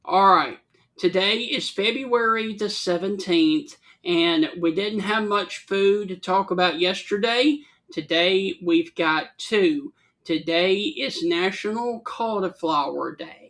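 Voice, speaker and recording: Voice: mid-range voice, takes it slowly, a bit bright. A radio host who reads the daily segments and chats casually with the co-host.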